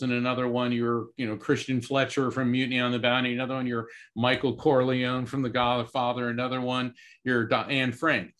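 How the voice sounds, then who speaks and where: A man's voice: mid-range voice, fairly bright tone. A middle-aged man, a guest speaker, explaining in casual talk with lots of fillers and restarts. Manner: rambling, many fillers and restarts.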